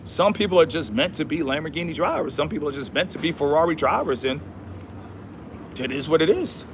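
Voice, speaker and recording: A man's voice: fairly high pitch, animated, a little fast, background noise. A man hosting a casual livestream, talking in a preachy, repetitive way with slangy speech and Bible verses. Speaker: livestream host.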